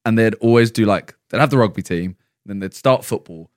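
A young man from England telling school stories on a podcast, his voice set low for a man. His delivery is dry and wry, with a close, dead sound and no room around it. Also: brisk, no room sound. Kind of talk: casual podcast chat.

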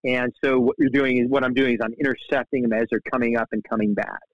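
A middle-aged man spins a casual, rambling story, jumping in pitch whenever he quotes someone. His voice sits at an ordinary middle pitch, recorded dry and close with a slightly muffled, dull tone. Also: fast talker, dry recording. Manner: animated, restarts often, quotes people in lively voices. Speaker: guest, shark fly fisherman.

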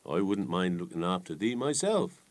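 A man's voice: deep voice, very animated, normal speed. A man voicing a young country lass who talks plainly and reassuringly in rustic dialect. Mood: kindly.

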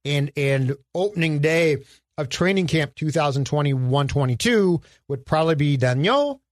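A man's voice: on the high side, lively intonation, normal speed, no echo, studio quality. A man co-hosting a casual sports podcast, laying out a trade and quizzing his partner with playful teasing. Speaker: podcast co-host.

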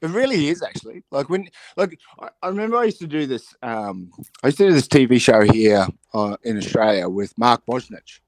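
A man with a husky, cold-roughened voice co-hosting a radio show, talking in an animated, rambling way with many restarts. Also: mid-range voice, brisk, few pauses, dry recording. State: recovering from a cold. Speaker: radio co-host. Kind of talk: casual radio chat.

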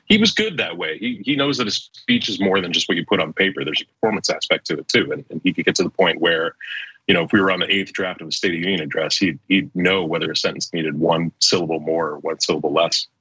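A man, a former speechwriter, telling stories as an interview guest with fast, animated delivery and frequent restarts. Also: sits low, breathy edge, no room sound, lo-fi sound.

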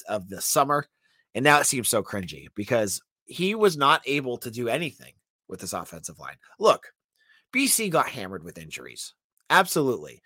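A man's voice: mid-range voice, pushed and bright, dry recording. A man hosting a sports podcast, giving a blunt, opinionated monologue and talking straight to his listeners as folks. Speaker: podcast host.

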